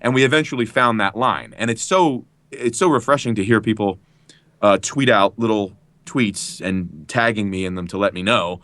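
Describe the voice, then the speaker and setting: A man's bright, forceful voice, close and dry, with no room around it. He rambles through the story in casual podcast chat, swearing freely and breaking into laughter. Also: lowish voice, brisk, no echo. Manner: rambling, profane anecdote telling with frequent laughs. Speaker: guest voice actor.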